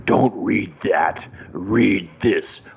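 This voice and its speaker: A man doing a calm, deadpan male devotee. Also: low-pitched, drawn-out words, vocal fry, a little hiss or hum, pitched below the performer's own voice, heavily acted. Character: calm earnest male devotee handing out a book.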